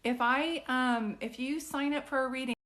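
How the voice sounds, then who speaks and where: A fairly high-voiced woman talking straight into her phone on a live stream. She rambles and gets excited, reads out viewers' names and breaks off mid-sentence. It sounds like a casual chat with the people watching. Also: normal speed. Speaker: psychic reader on a live stream.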